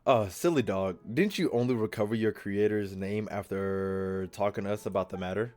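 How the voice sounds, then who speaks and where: A man's voice: fairly low pitch, moderate pace, a little mellow. A man hosting a gaming video, reading game dialogue aloud in a casual, jokey way and stumbling over words.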